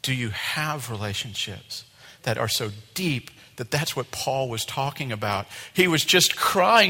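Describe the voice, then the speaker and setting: A man preaching a sermon to his congregation in an animated way, acting out quoted voices. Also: medium pitch, measured pace, long reverb tail. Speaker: pastor. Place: church sanctuary.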